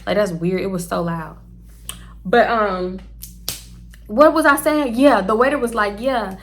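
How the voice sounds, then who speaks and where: A young woman, chatty and animated, telling a storytime to camera and talking straight to her viewers. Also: mid-range voice, unhurried. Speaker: storytime vlogger.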